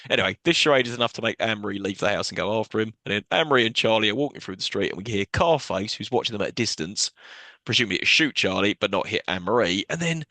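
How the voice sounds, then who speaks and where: A man's voice: fairly low pitch, expressive, very fast, sharp tone, no echo. Sarcastic man recapping a film. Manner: swearing, recaps plot with sarcastic asides and jokey quoted voices. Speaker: podcast co-host. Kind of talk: casual film recap chat.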